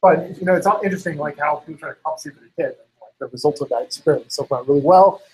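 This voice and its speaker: A man's voice: on the high side, very fast, low-quality recording. A man in casual chat, rambling with lots of fillers and acting out quotes. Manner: rambling, heavy use of "like" and "you know"; acts out others' lines in quotes.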